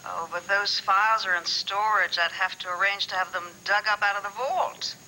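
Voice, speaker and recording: An actress playing a hesitant, evasive woman in a 1980s TV soap opera, hedging with many pauses. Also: medium pitch, steady tone, pushed and bright, a little hiss or hum, rough recording. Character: hesitant evasive woman, former records keeper. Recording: old TV broadcast recording.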